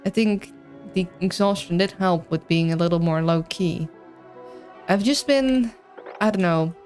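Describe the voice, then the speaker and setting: A woman streaming a video game live, chatting in an excitable, rambling way with a mixed accent that is hard to place. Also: fairly low pitch, unhurried, faint music behind. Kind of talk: live gameplay commentary, reading chat.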